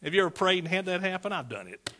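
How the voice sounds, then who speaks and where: A man's voice: sits high, big pitch swings, fast, pushed and bright. A man preaching a fervent sermon, calling out to his congregation.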